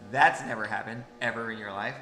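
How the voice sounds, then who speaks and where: A man's voice: lowish voice, steady tone, a little fast, over music. A young man from Washington state hosting a podcast, talking in a casual, profane, teasing way. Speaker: podcast host. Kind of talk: casual chat. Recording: echoey room with faint noise.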